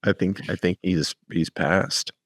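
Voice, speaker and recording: A man's voice: deep voice, fairly even intonation, a little slow, fairly bright tone, dry recording, clean studio sound. A man co-hosting a podcast in casual chat, laughing often and spinning rambling hypotheticals. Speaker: podcast co-host.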